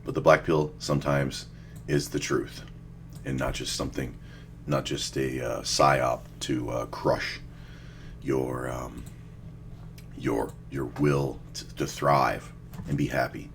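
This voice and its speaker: A man's voice: a bass voice, steady tone, slow pace, vocal fry, long pauses, a little hiss or hum. A man doing a casual video reaction, blunt and crude, rambling with fillers.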